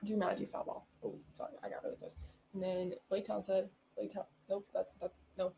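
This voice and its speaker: A woman's voice: medium pitch, little pitch movement, fairly quick, vocal fry, warm tone, slight background noise, rough recording. Bubbly rambling woman podcast host. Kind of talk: casual solo podcast chat.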